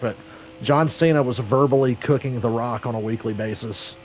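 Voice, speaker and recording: A man streaming an online racing game, chatting casually and telling a story in a profane, animated way. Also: mid-range voice, moderate pace, a little hiss or hum, poor audio. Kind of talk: casual gaming stream chat.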